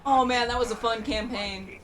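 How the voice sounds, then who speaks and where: A woman's voice: a little high, steady tone, moderate pace, a bit bright. A woman chatting eagerly on a casual gaming stream, often laughing. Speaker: stream co-host.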